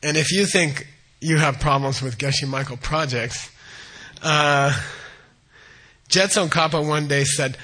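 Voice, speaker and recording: A man telling a teaching story in a casual, animated, rambling way with many fillers. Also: a little high, slow.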